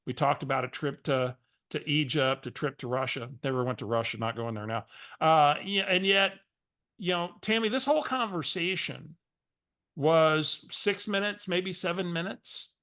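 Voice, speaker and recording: A man coaching, telling a lively story and acting out a phone call. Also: a little high, normal speed. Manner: animated storyteller, acts out phone calls.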